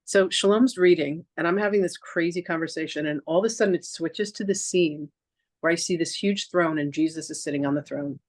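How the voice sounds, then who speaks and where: A woman's voice: low-pitched, brisk, a little mellow, no echo. A woman podcast host and reverend telling a personal story in casual chat, acting out the dialogue with lots of "like" and restarts. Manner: chatty, peppered with "like" and restarts.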